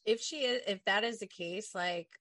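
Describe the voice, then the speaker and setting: A woman's voice: medium pitch, normal speed, a bit bright. A woman chatting casually as a podcast guest, laid-back and tentative, floating her own theories. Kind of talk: casual gossip chat.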